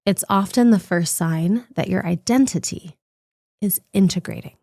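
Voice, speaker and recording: A woman hosting a reflective self-help podcast, coaching the listener directly in a gentle, encouraging way. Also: medium pitch, normal speed, creaky, dry recording, clean studio sound. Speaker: podcast host.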